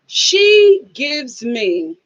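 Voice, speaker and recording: Woman host of a live review stream, sassy and scolding, high voice that swings widely. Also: very animated, very slow, dull audio. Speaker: show host. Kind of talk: live reality-TV review, casual chat.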